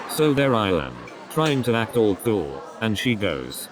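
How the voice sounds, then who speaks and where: A man's voice: on the low side, big pitch swings, measured pace, few pauses. A man doing a stand-up comedy routine, rambling through setups and repeating his catchphrases. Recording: crowd noise behind the voice.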